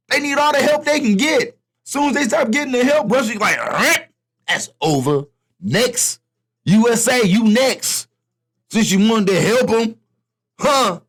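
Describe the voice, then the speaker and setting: Man, fairly high voice, lively swooping pitch, casual rant, repeats himself, talks to viewers. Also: slightly rough. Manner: animated, repetitive, talks straight to viewers. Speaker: vlogger commenting on politics.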